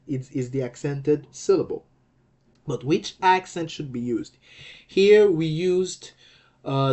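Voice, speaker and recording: A man teaching a language lesson, explaining rules slowly and deliberately, often repeating phrases and checking in with the listener. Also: medium pitch, mellow.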